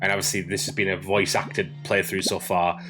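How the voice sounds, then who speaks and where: A man's voice: low-pitched, little pitch movement, fairly quick, over music. A man who is under the weather hosting a casual, chatty game playthrough with plenty of fillers. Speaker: let's play host. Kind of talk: gaming commentary.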